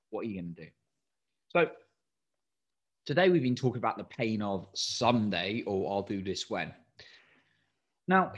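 A man coaching listeners in a motivational solo talk, tired, encouraging and asking many direct questions. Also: on the low side. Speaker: coach and podcast host.

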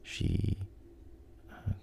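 A man softly retelling a story, unhurried, with frequent pauses and restarts. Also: slight background noise. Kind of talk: whispered storytelling.

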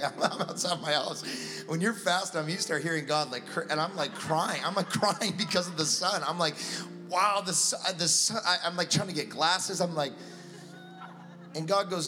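A pastor preaching a sermon in a church, telling stories and acting out the dialogue in them. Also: male voice, fairly high pitch, in a large hall. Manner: storytelling, acting out dialogue with God.

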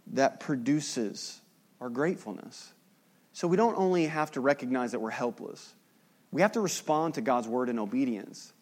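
A man preaching a sermon as pastor. He talks conversationally, drops in joking asides, and moves between loud emphasis and hushed, solemn passages. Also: fairly high pitch.

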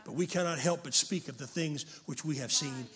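Older man, sermon, high voice, fervent preaching that builds to shouting. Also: fairly quick. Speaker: pastor.

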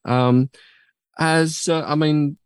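A man's voice: on the high side, steady tone, drawn-out words, clean tone, no room sound, clean studio sound. A man hosting a radio music show, chatting casually and rambling through anecdotes with lots of fillers. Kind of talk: casual chat.

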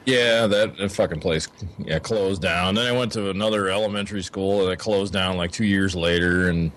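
A man's voice: deep voice, steady tone, moderate pace, a bit bright, slight background noise. A man from Northern Ohio chatting as a guest, sardonic and swearing often. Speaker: podcast guest. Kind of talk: casual chat.

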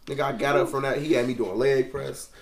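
Young man, mid-pitch, laid-back and profane, trails off quiet, casual podcast. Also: steady tone, quick pace, gravelly, a little hiss or hum. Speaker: podcast co-host. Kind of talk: casual banter.

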